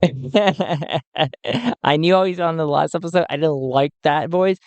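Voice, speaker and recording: A narrator runs a solo tabletop game, speaking slowly in a mid-range voice, thinking aloud and chuckling often. The sound is dry and close, without room echo.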